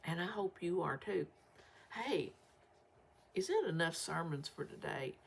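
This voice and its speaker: An older woman chats casually to her viewers. She talks in a folksy, rambling way. Her voice sits on the low side and has a gravelly rasp. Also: lively intonation, a little slow. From Southern United States. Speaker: vlog host.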